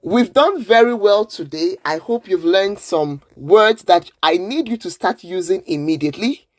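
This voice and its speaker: A woman teaching simple words in a clear lesson, patient and encouraging as she has learners repeat after her. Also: mid-range voice, lively intonation, moderate pace, no echo. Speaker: language teacher.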